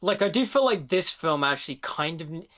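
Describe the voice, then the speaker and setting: A man's voice: on the high side, a little fast. A young man giving a casual, enthusiastic film reaction, chatting loosely with lots of "like" as he talks through scenes. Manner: chatty, fills speech with "like"; enthusiastic, quotes lines in animated voices. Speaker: film reviewer.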